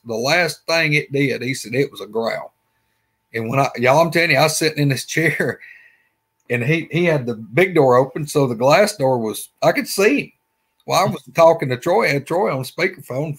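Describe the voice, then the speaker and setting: A man's voice: medium pitch, fairly bright tone, breathy edge. A man with a Southern Alabama accent, telling a story in a rambling, folksy way. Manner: rambling, folksy, repeats himself. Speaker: guest. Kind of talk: casual storytelling.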